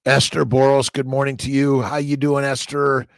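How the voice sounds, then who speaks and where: With a gravelly yet clean medium-pitched voice and little pitch movement, a man hosts a casual livestream at a moderate pace. He rambles cheerfully through viewer comments and greetings, repeating catchphrases and restarting words. The sound is studio quality with no echo.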